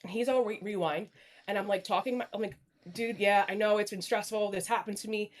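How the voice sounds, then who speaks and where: A woman's voice: medium pitch, steady tone, a little fast. A woman talking bluntly and apologetically on a livestream panel over a video call, swearing often. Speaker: stream panel guest. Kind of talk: candid livestream chat.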